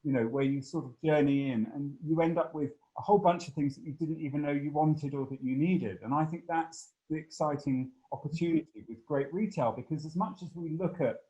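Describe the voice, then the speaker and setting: A man giving a long, animated interview answer, full of fillers and playful asides. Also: fairly high pitch, brisk, hardly any pauses, lo-fi sound. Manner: expansive, animated storytelling with many fillers.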